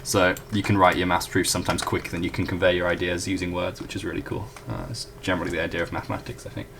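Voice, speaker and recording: Low gravelly young man explaining math. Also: fast talker, background noise. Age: young adult. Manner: chatty, self-correcting, apologetic asides. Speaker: student tutor. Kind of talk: casual whiteboard math walkthrough.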